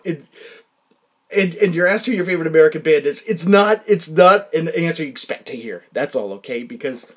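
A man hosting a solo podcast, telling rambling, self-deprecating stories with frequent restarts and quiet muttered asides. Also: fairly high pitch, brisk. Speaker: podcast host.

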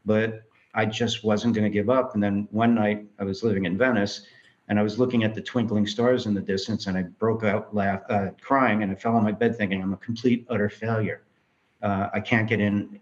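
A man's voice: lowish voice, dull audio. A man from New York, a filmmaker, telling his life story in an interview and acting out the voices of people in it. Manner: animated storyteller acting out quoted dialogue.

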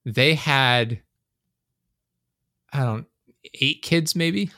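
A man's voice: mid-range voice, extremely slow, pushed and bright, no room sound, clean studio sound. A young man chatting casually as a podcast host, telling long rambling stories, swearing a lot and laughing often. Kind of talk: casual chat.

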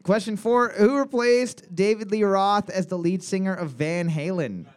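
A man's voice: high voice, measured pace, smooth. A man hosting live trivia on a microphone, reading each question twice and joking with his co-host. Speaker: trivia quizmaster. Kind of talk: live bar trivia banter. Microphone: handheld mic.

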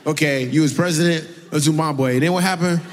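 A man's voice: on the high side, brisk, in a large hall, background noise. A man doing stand-up crowd work, teasing and laughing with an audience member. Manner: teasing, laughing, playful banter. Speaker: comedian working the crowd.

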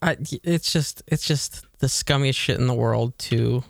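A man's voice: mid-range voice, a little slow, gravelly, no echo, clean studio sound. A man co-hosting a podcast, venting in a rambling, exasperated way with lots of fillers. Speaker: podcast co-host. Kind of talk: casual chat.

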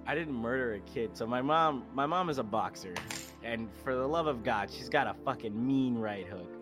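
A young man, a podcast co-host, telling a story in casual chat, animated and laughing, acting out voices. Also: mid-range voice, moderate pace, over music.

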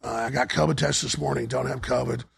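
Hoarse gravelly talk show host. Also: male voice, steady tone, fast talker. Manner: urgent, repetitive sales pitch. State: hoarse, voice nearly gone. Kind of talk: on-air fundraising and product pitch.

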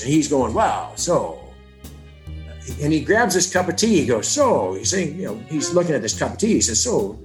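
A man from Ontario, Canada, whose sister is missing, tells his story in an interview, recounting events bluntly, cursing, and performing the lines he quotes. His voice is medium in pitch and sounds like it's in an echoey room.

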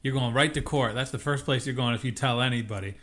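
A man's voice: mid-range voice, fast, a bit bright. A man co-hosting a casual podcast, retelling TV scenes and acting out the characters' lines. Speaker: podcast co-host. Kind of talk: casual recap chat.

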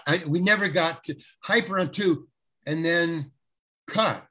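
A man's voice: fairly high pitch, a little slow. A middle-aged man casually telling a long anecdote, laughing often and acting out what people said. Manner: animated storyteller, laughs often, acts out quotes. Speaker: guest telling a story.

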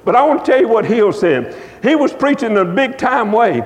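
A man preaching a revival sermon, telling stories in a folksy, emphatic, drawn-out cadence. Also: very high voice, very animated. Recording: long reverb of a church hall.

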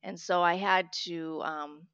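Woman in her 30s, guest telling her story, lowish voice, talks on and on with restarts, dry dull lo-fi sound. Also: fairly even intonation, slow, fairly bright tone, clean tone, no echo. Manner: candid, heartfelt, talkative with restarts. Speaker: interview guest, author. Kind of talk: personal story in an interview.

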